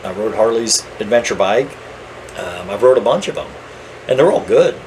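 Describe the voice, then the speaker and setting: Low-voiced man telling rambling stories. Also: moderate pace, a little hiss or hum, rough recording. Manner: rambling storyteller, animated when quoting people. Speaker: podcast co-host. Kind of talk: casual chat.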